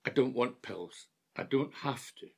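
A man's voice: medium pitch, animated, a little slow, gravelly, slightly rough, heavily acted. Man playing a confused, childlike old man. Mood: stubborn. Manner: childlike pleading, repeats words. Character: older man with dementia, childlike, confused, wants home. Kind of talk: stage drama acting.

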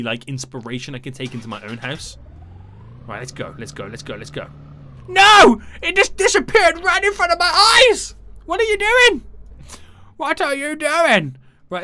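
A man giving excitable, chatty gameplay commentary to his viewers. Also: fairly high pitch. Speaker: gaming YouTuber.

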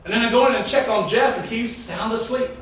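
A man's voice: very high voice, fairly quick, fairly bright tone, slight background noise. A middle-aged man preaching a sermon as pastor, telling a story in a conversational way and speaking to the congregation. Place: large church sanctuary. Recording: very echoey hall, mic far off.

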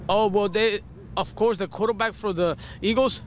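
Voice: medium pitch, fairly even intonation, normal speed, a little hiss or hum. A person answering a reporter's questions in a hesitant, unsure way. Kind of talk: interviewee in street interview.

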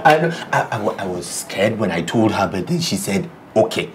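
An earnest Nigerian groom-to-be who stumbles over his words, doubling them up as he talks. His voice sits fairly low, and a steady noisy hum runs under the film recording. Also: a little fast. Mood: overjoyed. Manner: stammering, repeats words. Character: anxious young groom-to-be, earnest and eager.

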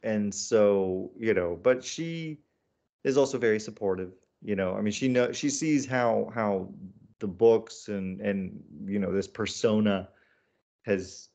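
A man's voice: lowish voice, measured pace, gravelly. American man telling stories with many fillers. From United States. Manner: animated storyteller, many fillers and restarts. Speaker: author and comedian guest. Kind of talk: casual interview chat.

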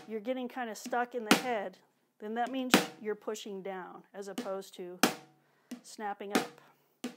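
A woman drum teacher patiently explaining a technique, now and then vocalizing drum strokes. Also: medium pitch. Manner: clear, patient explaining with spoken drum sounds. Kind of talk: instructional demonstration. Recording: loud drumming behind the voice. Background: drums.

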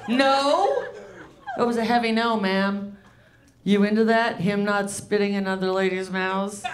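On a club stage, a woman comedian delivers a loose, rambling, crude stand-up set full of self-mockery. Her voice is medium in pitch and her pace measured, with a slight hiss or hum in the background. It's a live club recording, and the audience can be heard laughing.

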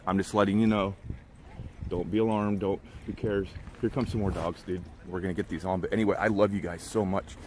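Male vlogger, lower voice, rambling confessional talk, outdoors with clear background noise. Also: flat delivery, fairly quick, darkish tone. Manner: rambling, confiding, slangy. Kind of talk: casual vlog monologue. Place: outdoor dog park.

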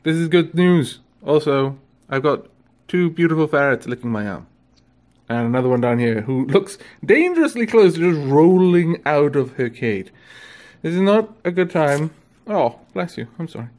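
A man filming a casual vlog of his pet ferrets, cooing to them in gentle baby talk. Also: on the high side, big pitch swings, moderate pace. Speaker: vlogger.

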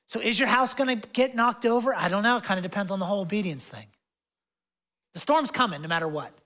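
Here a young adult man gives a sermon as pastor, talking loosely with plenty of fillers and digressions. He's fervent, alternating between booming and hushed moments, and his voice sits high.

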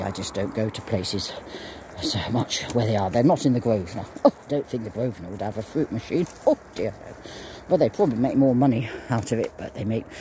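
A man's voice: medium pitch, a little mellow, slight background noise. A man in his sixties rambling casually while walking his dog outdoors, drifting between topics and breaking off to talk to the dog. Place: outdoors in fields on a walk.

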